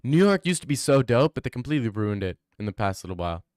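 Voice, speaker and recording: A man hosting a casual livestream, joking and rambling as he reacts to his chat. His voice is smooth and clear at a middle pitch. The sound is dry and close to the mic. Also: sing-song, fast, a little mellow, no echo. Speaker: streamer.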